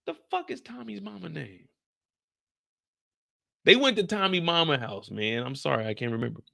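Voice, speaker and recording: A young man recapping a TV episode on a live stream, telling it in an animated, profane way and talking to his chat. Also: on the high side, moderate pace, creaky.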